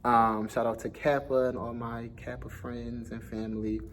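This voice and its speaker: A man's voice: medium pitch, little pitch movement, normal speed, a little hiss or hum. A young man with a slight lisp, talking casually and a bit nervously to camera in his first vlog. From Philadelphia. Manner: chatty, self-conscious, laughs easily. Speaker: vlogger, dance school owner.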